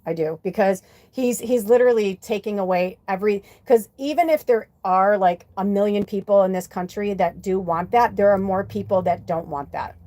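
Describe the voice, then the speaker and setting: A woman's voice: mid-range voice, moderate pace, few pauses, dark tone, dry recording. A middle-aged American woman hosting a spiritual livestream, ranting bluntly with heavy swearing in a casual monologue. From United States. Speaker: spiritual channel host.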